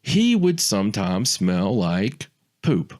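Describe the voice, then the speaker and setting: A man's voice: lowish voice, slow. A man co-hosting a podcast, telling a story in a rambling, casual way, often repeating words and acting out quotes. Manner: rambling, repeats words, animated when quoting others. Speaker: podcast co-host.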